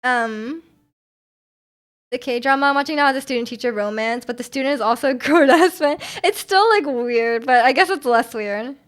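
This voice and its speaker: A young woman with a high-sitting voice streams at a moderate pace, chatting casually with viewers and reading their comments. She rambles with frequent ums and restarts, and her voice sounds slightly sore.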